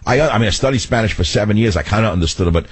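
A man's voice: on the low side, expressive, racing, slightly rough, dry recording. An older man hosting a radio talk show, telling rambling stories in a sardonic tone.

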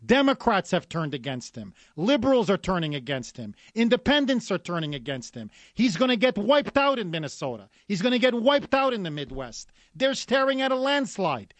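A man's voice: sits high, sing-song, normal speed, few pauses, no echo. A man hosting a talk radio show, delivering an emphatic, combative monologue with lots of repetition. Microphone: studio microphone.

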